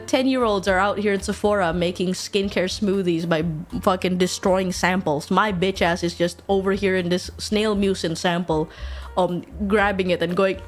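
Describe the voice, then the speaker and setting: A woman in her twenties, a streamer, chatting casually, swearing a lot and laughing often. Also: medium pitch. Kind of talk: casual chat.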